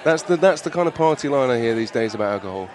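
A man from Britain co-hosting a casual podcast, wry with quick quips and stammering restarts. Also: mid-range voice, expressive. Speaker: podcast co-host. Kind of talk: casual chat.

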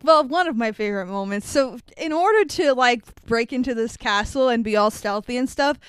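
A woman talks through a film with a partner in loose, casual chat, sarcastic and quick to laugh. Her voice sits high and sounds smooth and clear. The sound is close and dry. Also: no room sound. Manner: sarcastic, animated, laughs often, swears. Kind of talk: casual movie recap chat.

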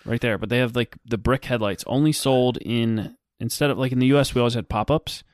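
A man's voice: medium pitch, fairly even intonation, fairly quick, dry recording, clean studio sound. A man co-hosting a podcast in casual chat, laid-back and rambling. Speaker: podcast co-host.

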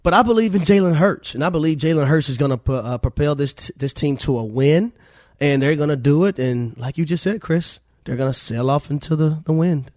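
Man, sports analyst, casual, joking, higher pitch, dry sound. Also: a little fast, a little mellow, no room sound. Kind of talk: sports talk show.

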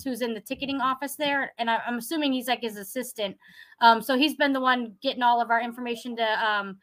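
A woman's voice: fairly high pitch, bright, forceful tone. A young woman from Ohio, a contest winner guest, telling her story chattily and acting out what others said. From Ohio, USA. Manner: chatty, acts out quotes, many "like"s. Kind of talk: excited phone interview storytelling.

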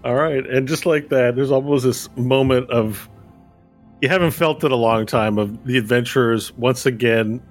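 A man's voice: medium pitch, fairly even intonation, moderate pace, faint music behind. A man narrating a tabletop game as game master in a playful, laughing way.

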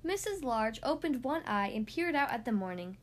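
A woman reads a children's picture book aloud, narrating with an expressive, animated lilt. Her voice is notably high. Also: moderate pace. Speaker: reader. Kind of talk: reading a storybook aloud.

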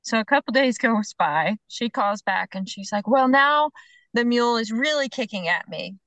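A middle-aged woman, a horse trainer on a podcast, telling a story in a lively way and acting out what people said. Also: fairly high pitch, normal speed, no room sound, low-quality recording. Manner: animated storyteller, acts out the other people's lines, laughs between phrases. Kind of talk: casual storytelling chat.

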